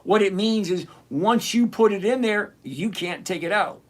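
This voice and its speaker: A man with a fairly high voice hosts a live trading stream. He reads out viewer names and greets them, teases the ones who slip up, and slows down whenever he explains a calculation. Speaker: livestream trading show host. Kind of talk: live-stream chat answering viewer comments.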